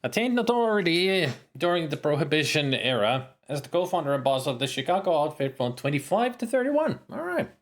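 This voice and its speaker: A man streams a retro adventure game, joking and chatting casually as he plays in animated let's-play commentary. His voice is on the high side, a little fast, with hardly any pauses.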